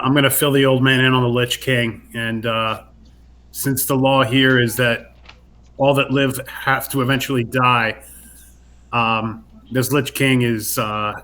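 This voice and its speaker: A man's voice: medium pitch, steady tone, a little slow, bright, forceful tone. A man taking part as a player in a tabletop game, talking casually and thinking aloud.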